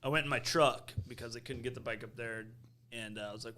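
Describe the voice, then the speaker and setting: Guest, man, casual joking stories, cursing, mid-pitched voice. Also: steady tone, quick pace, bright, forceful tone. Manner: joking, profane anecdotes. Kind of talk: casual storytelling.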